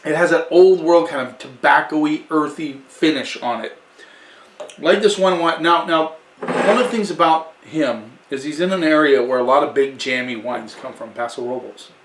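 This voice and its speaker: A man's voice: fairly high pitch, moderate pace, distant mic. A man giving a casual wine tasting review in a chatty way, often restarting and correcting himself. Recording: echoey room, away from the mic.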